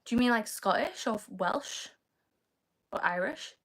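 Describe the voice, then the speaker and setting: A woman's voice: fairly high pitch, animated, unhurried, fairly bright tone. A young British woman chatting casually on a live stream, reading viewers' comments aloud and answering them in a loose, filler-heavy way. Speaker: livestreamer answering chat.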